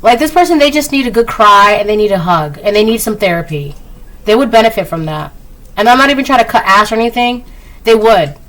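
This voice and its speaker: A woman's voice: medium pitch, lively intonation, a bit bright, rough recording. Chatty woman giving a tarot reading. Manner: chatty, acts out quick quoted voices, laughs often. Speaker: tarot reader. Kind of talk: casual spoken tarot reading.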